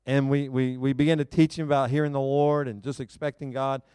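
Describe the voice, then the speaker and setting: Clear-voiced, animated man preaching. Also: medium pitch, brisk, no echo, studio quality. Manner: animated, self-mocking storyteller who laughs often. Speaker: pastor. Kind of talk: sermon with personal storytelling. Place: church service before a live congregation.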